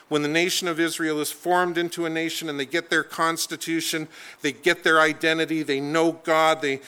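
Forceful, emphatic male preacher. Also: a little high, clear, resonant tone. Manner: emphatic, dramatic storytelling with sweeping shifts in pace. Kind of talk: sermon.

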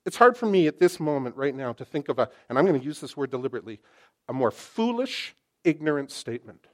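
A man preaching a sermon to his congregation, impassioned and full of rhetorical questions, swinging from loud to hushed. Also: a little high, sing-song, quick pace. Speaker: pastor. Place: church sanctuary.

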